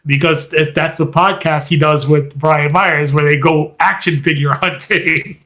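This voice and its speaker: A man chatting on a podcast, his voice sitting a little high. He tells a story with energy and acts out the quotes in a raised voice. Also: measured pace, sharp tone. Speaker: podcast co-host. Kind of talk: casual recap chat.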